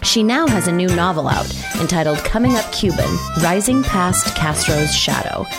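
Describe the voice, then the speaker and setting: A woman host narrates a scripted introduction in a heartfelt, nostalgic way. Loud music plays under her voice throughout. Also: fairly low pitch, expressive, normal speed.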